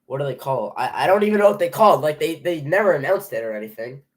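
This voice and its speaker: A young man giving a live play-by-play reaction as a fan, nervous and excitable, often stumbling and restarting his sentences. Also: a little high, quick pace.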